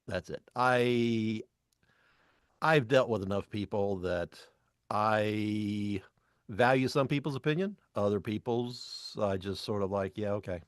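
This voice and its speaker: Matter-of-fact low-voiced male DJ. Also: slow, smooth, no room sound, clean studio sound. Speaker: DJ co-host. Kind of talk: casual storytelling.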